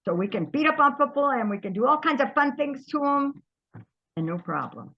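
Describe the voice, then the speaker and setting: An older woman, an interview guest, telling stories from her past in a lively way, often trailing off and starting over. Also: high-pitched, brisk, highs cut off. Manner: lively storyteller, trails off and restarts. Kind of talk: storytelling reminiscence.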